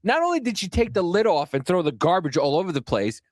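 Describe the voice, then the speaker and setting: A man's voice: high-pitched, sing-song, quick pace, dry recording, studio quality. Profane rambling man on a podcast. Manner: swears a lot, rambling storyteller. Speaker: podcast co-host. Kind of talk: casual podcast chat.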